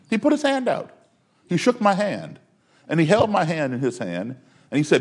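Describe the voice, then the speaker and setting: A man's voice: on the high side, wildly swooping pitch, moderate pace, husky. A man from Maryland telling a personal story in a conversational way, with fillers and restarts. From Maryland, USA.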